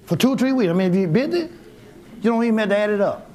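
A man preaching a sermon to his congregation, folksy and exuberant, breaking into shouts and laughter. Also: high voice, expressive, fast talker. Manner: folksy, talks directly to congregation members. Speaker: pastor. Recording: live church with crowd audible.

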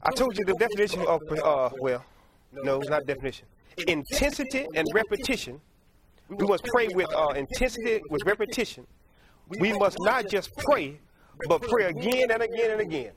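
A man with a high, very animated voice preaches a sermon at normal speed in a folksy, repetitive style. He often stops to correct himself and laughs at his own stories. The congregation and crowd noise can be heard behind him.

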